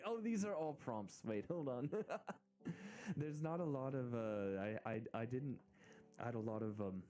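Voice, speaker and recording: An American man talks casually to his stream in a mellow, relaxed voice. He rambles, restarts his sentences and giggles often. Quiet music plays faintly in the background. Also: medium pitch, measured pace. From United States. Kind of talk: casual live-stream chat.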